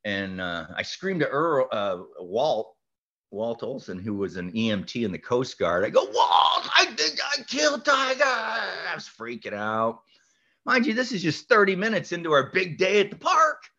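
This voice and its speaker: A man spins an animated story as a podcast guest, his pitch leaping around as he acts out each voice and shouts the big moments. His voice is bright and ringing, though the recording sounds dull and lo-fi. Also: moderate pace. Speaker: podcast guest, golf instructor.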